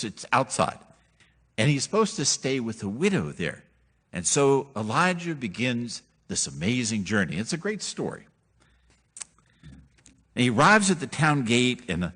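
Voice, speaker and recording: A man delivering a sermon in a relaxed, conversational storytelling manner. His voice rises and falls a great deal as he acts out the people he quotes, with humorous asides throughout. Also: medium pitch. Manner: animated, acts out quoted characters. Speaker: pastor.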